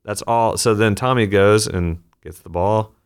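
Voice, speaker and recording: A man being interviewed as a leadership author, telling stories in quick animated bursts. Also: lowish voice, smooth. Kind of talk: podcast interview conversation.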